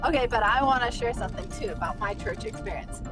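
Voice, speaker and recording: A woman's voice: fairly high pitch, fast, recorded from a distance. A young woman in casual chat with friends, swearing casually and laughing through her stories. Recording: off-mic voice with clear music behind.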